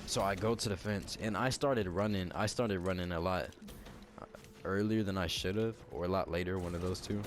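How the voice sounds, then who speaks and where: A man's voice: sits low, normal speed. A young man vlogging, telling a casual story full of slang and swearing. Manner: animated, heavy swearing and slang. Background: background music.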